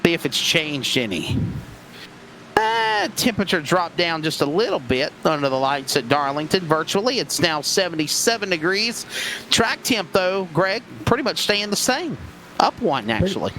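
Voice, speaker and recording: A man calling a sim race as lead commentator, with excitable play-by-play and quick reactions. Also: on the high side, a little hiss or hum.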